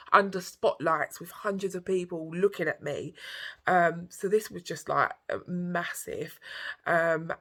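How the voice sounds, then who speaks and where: A woman's voice: on the low side, fairly bright tone. A woman in her thirties talking candidly in a vlog, heartfelt and tearful, rambling with many fillers. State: tearful, emotional. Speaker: vlogger.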